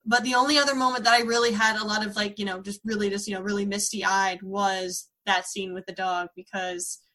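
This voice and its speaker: Podcast co-host, woman, chatty and emotional, bright tone. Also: medium pitch, level tone, brisk. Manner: chatty, emotional, laughs often. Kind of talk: casual podcast chat.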